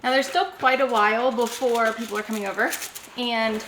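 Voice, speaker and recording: At home in her kitchen, a woman vlogs while she cooks, chatting casually and talking herself through each step while out of breath. Her voice is on the high side, steady and moderately paced. The recording sounds roomy and is very noisy.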